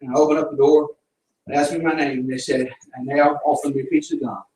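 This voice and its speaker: Here a middle-aged missionary with a Southern accent talks fast in a warm, higher voice with a flat delivery, offering a church folksy storytelling and fervent preaching. The sound is distant and echoey in the sanctuary, with a little hiss or hum.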